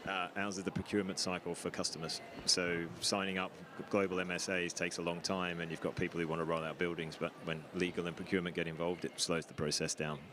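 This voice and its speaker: A man start-up founder giving a brisk, matter-of-fact answer to the panel. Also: low-pitched, flat delivery, a crowd in the background.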